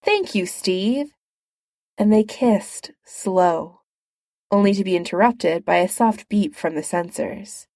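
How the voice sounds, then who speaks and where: A woman's voice: lowish voice, measured pace, warm tone, dry recording, clean studio sound. A woman narrating fan fiction in a light, amused reading style.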